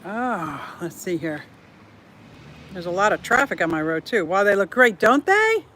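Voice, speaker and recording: A woman's voice: lowish voice, animated, normal speed, fairly bright tone, slight background noise. A woman hosting a casual home tour vlog about her fish and pets, chatty and giggly, talking to her animals and viewers while walking around a house and yard. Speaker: fish keeping channel host.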